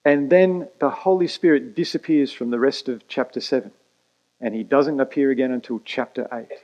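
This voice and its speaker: A man preaching a sermon as pastor, emphatic and pausing for effect. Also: medium pitch, darkish tone, muffled recording. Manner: emphatic preaching with dramatic pauses and quick asides.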